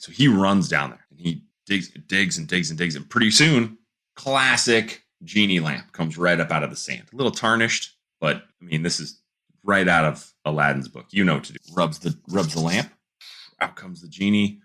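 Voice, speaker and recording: A man co-hosting a casual podcast, telling a long joke and slipping into quick voices for its characters. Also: low voice. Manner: animated storyteller doing quick character voices. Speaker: podcast co-host.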